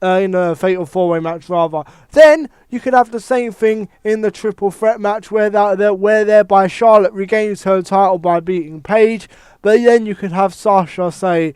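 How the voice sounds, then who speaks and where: A man rants about wrestling in a casual, animated way, swearing freely and correcting himself mid-sentence. His voice is high and smooth. The recording is very dry and close. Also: moderate pace, no echo. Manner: animated, heavy swearing, thinks aloud with restarts. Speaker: wrestling commentator. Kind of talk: casual wrestling opinion monologue.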